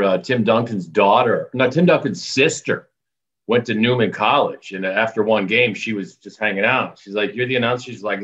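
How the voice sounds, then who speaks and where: A man who works as an arena announcer, telling stories in a casual interview with animated quoted voices and frequent laughter. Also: fairly low pitch, highs cut off. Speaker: arena public address announcer.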